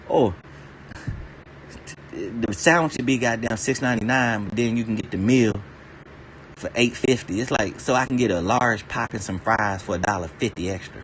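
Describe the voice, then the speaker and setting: Man, lowish voice, loose profane rambling rant, streamer energy, faint background noise. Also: normal speed, fairly bright tone. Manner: profane, laughs between lines, digresses freely.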